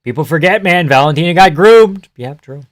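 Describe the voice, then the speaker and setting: A man's voice: a little high, animated, normal speed, no room sound, clean studio sound. A man streaming live, chatting casually and joking through a fight watch-along, reading chat aloud and swearing freely.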